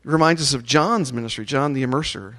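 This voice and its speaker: A man preaching a sermon, reading scripture aloud and leading the congregation in call-and-response chants, rising to loud ringing peaks. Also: mid-range voice, fast talker. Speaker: pastor.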